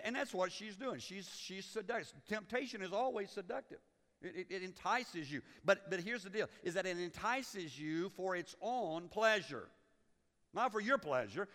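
This sermon comes from a male pastor whose bright, high voice fills a reverberant church sanctuary. Along the way he playfully teases his listeners in a homespun manner and performs quotations dramatically.

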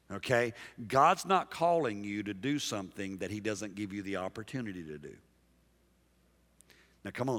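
A man preaching a sermon as pastor, emphatic and dynamic, dropping soft and then rising loud while he calls out to the congregation. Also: on the low side. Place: large church sanctuary. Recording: long hall reverb from a big church.

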